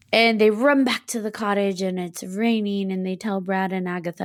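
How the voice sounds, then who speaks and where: A woman's voice: fairly high pitch, a little fast, vocal fry, hardly any pauses, no room sound, clean studio sound. A woman co-hosting a casual book-discussion podcast, retelling the story animatedly, acting out characters' lines and laughing often. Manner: laughs often between phrases. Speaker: podcast co-host.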